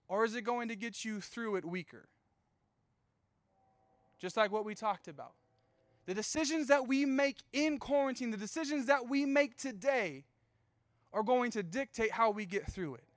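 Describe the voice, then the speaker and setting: Young guy preaching, high clear voice, chatty story to the room, dry sound. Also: fairly bright tone, dry recording. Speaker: youth pastor. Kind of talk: storytelling sermon.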